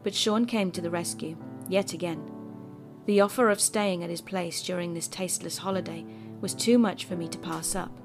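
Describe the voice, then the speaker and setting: A woman with a fairly low voice narrates a first-person horror story in a measured, bitter tone. Her delivery is scripted and steady, with music playing behind her throughout.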